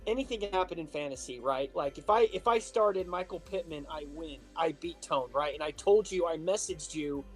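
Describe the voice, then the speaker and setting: A man co-hosting a casual podcast, swearing his way through a lively story. Faint music sits behind his voice. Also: fairly high pitch, moderate pace, few pauses. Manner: animated storytelling, heavy swearing. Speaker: podcast co-host. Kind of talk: casual chat.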